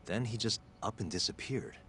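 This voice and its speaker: A man voicing an earnest lawyer-turned-detective in a video game, speaking in a calm, measured way. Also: on the low side, slight background noise. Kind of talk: game voice acting.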